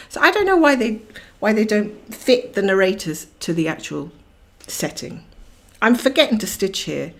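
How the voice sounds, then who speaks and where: A woman's voice: mid-range voice, very animated, moderate pace, few pauses. A woman hosting a cross-stitch livestream, chatting casually and rambling while she greets viewers by name and laughs often.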